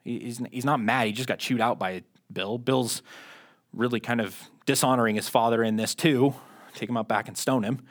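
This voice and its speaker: A man's voice: mid-range voice, fairly even intonation, moderate pace. A man preaching a sermon in a conversational, self-deprecating way, often restarting his sentences. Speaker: pastor.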